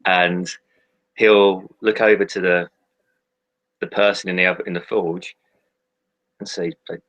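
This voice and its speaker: A man's voice: low voice, flat delivery, a little slow, pauses often, fairly bright tone, lo-fi sound. A man taking part in a tabletop game as a player, casually describing what his character does.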